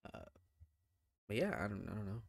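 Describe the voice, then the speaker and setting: A man co-hosting a podcast, reviewing films in a relaxed, hedging, rambling way. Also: on the low side, normal speed, vocal fry, no echo, studio quality. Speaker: podcast co-host. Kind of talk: casual film review chat.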